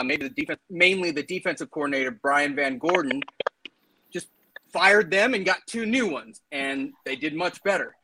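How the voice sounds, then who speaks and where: Bright-voiced opinionated man. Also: a little high, rough recording. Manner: opinionated, laughs while arguing. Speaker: co-host. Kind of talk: casual sports chat.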